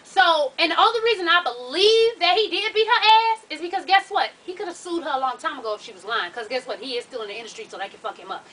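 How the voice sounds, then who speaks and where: A woman's voice: sits high, lively intonation, quick pace, hardly any pauses, pushed and bright, distant mic, low-quality recording. A woman chatting straight to camera, recapping a reality show in a blunt, profane, sassy way, calling her viewers "y'all" and "honey". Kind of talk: casual chat.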